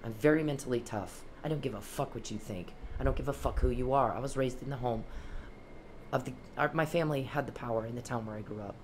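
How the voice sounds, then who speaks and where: A woman's voice: a bass voice, fast talker, darkish tone, a little hiss or hum. A woman vlogging an angry, confrontational monologue aimed at one man, cursing often and preaching at him.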